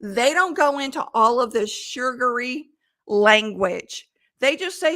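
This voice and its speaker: A woman sales coach giving advice in an emphatic, deliberate way. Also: on the high side, lively intonation, sharp tone. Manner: emphatic, deliberate delivery with quoted examples. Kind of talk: coaching monologue.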